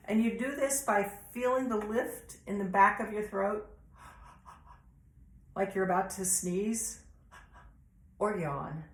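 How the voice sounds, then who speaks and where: A woman's voice: mid-range voice, takes it slowly, long pauses. American woman coaching singers, roomy sound. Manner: explains patiently, breaks into sung vowel demos. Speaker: vocal coach. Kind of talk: vocal warm-up lesson.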